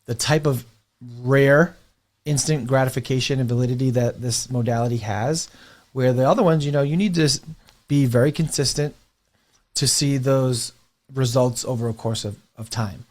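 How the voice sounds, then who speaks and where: A breathwork teacher talks in a casual interview, telling stories in an animated way. He leans heavily on "you know" fillers and laughs now and then. His voice is mid-range at a normal speed.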